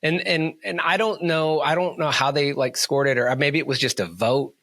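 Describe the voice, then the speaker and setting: A man's voice: fairly high pitch, normal speed, fairly bright tone, dry recording. A man co-hosting a podcast in casual chat, rambling enthusiastically with many restarts. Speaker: podcast co-host.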